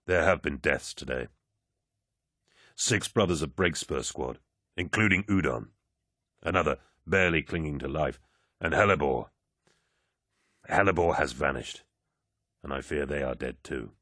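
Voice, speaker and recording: A towering male warrior, grave and troubled, as a man reads him aloud. The voice sits extremely deep and slightly husky, delivered slow and measured in a dry, close studio sound. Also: fairly bright tone, no echo, heavily acted. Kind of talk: audiobook character voice.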